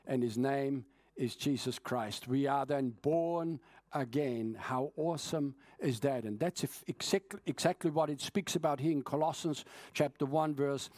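A man preaching an evening sermon, earnest and urging, speeding up and slowing down to stress his points. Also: mid-range voice, a little mellow, dry recording.

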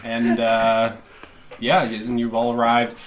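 A man narrating as game master of a tabletop game, casual and halting. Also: mid-range voice, completely flat delivery, slight background noise. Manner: casual, halting, laughing often.

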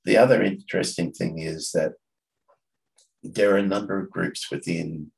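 A man with an Australian accent, talking casually as a podcast guest, halting and restarting often as he searches for words. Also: low-pitched, steady tone, vocal fry, a little mellow, rough recording. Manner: halting, with many restarts and fillers. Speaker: coffee catch-up organiser, podcast guest. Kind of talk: casual conversation.

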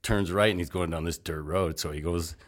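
An older man telling long, rambling stories as an interview guest, animated and salty, with frequent asides. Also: deep voice, brisk. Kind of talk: casual storytelling.

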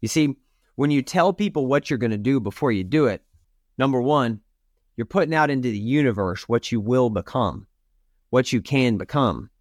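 A man's voice: medium pitch, lively intonation, normal speed, no room sound, clean studio sound. A middle-aged man, a podcast host, giving a direct, emphatic motivational talk straight to his listeners. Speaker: podcast host and rodeo competitor.

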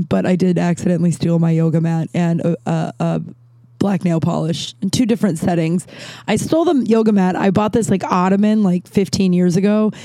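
A woman's voice: on the low side, warm tone, no room sound. A woman in her thirties telling casual stories in a rambling monologue, swearing freely and often restarting or correcting herself.

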